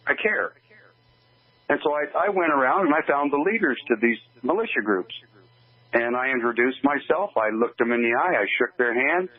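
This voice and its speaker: An older man gives his testimony over a tinny phone line. He talks earnestly and haltingly, restarting his sentences as he goes, at an ordinary middle pitch. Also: animated. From Oregon, USA. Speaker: guest. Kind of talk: personal testimony in an interview.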